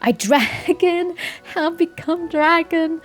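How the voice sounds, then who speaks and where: A woman voicing a timid little male kobold who speaks in halting, broken phrases. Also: extremely high pitch, voice pushed up.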